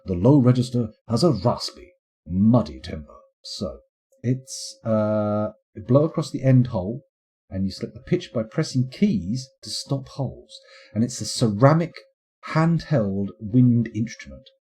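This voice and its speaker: Very dark-voiced, husky male streamer. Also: mid-range voice, expressive, measured pace. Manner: rambling and playful, thinking aloud. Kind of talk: live-streamed game commentary.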